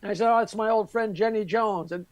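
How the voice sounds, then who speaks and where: Fast and high-sitting, the voice belongs to a comedian guest from Long Island, New York, recorded dry. He brashly relates a crude, profane anecdote, mimicking the people in it.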